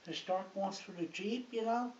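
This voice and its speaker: A woman's voice: mid-range voice, normal speed, darkish tone. An older woman, a grandmother, telling a rambling, chatty story in her living room, often checking in with her listener. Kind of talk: casual storytelling. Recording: hissy, muffled home recording from a distance in an echoey room.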